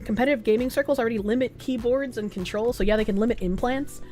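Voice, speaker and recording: A woman's voice: fairly high pitch, fast talker, mellow, soft background music. A woman streamer chatting casually and reading viewer comments, rambling and joking, often laughing and swearing.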